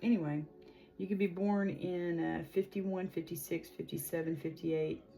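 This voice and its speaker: A woman's voice: fairly low pitch, fairly even intonation, normal speed, vocal fry, mellow, faint music behind. A woman in her forties giving a casual, chatty tarot reading, rambling with lots of fillers. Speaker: tarot reader.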